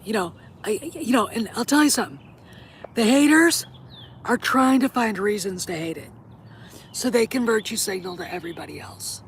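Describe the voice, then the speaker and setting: A woman's voice: medium pitch, lively intonation, moderate pace. A middle-aged woman talks straight to her audience in a casual vlog, blunt and opinionated, with swearing scattered through her talk. Her voice sits in a middle range. A faint hiss of background noise runs under the recording. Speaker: host.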